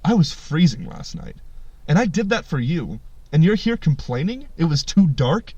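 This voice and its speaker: A man's voice: on the high side, sing-song, moderate pace, mellow, husky, no echo, lo-fi sound, heavily acted. A man voicing a fed-up male Great Spirit who talks in curt, slangy sentences. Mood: indignant.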